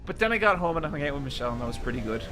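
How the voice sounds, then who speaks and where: A man streaming a game and telling a story casually, animated and exasperated, swearing constantly. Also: a little high, racing. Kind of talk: casual storytelling while gaming.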